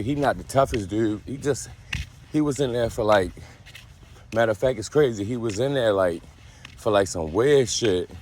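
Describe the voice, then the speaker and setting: A young adult man from the United States telling prison stories in a casual, animated, slangy monologue, jumping up high to act out what people said. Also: slight background noise. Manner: animated, slangy, acts out quotes in a higher voice. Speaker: storyteller.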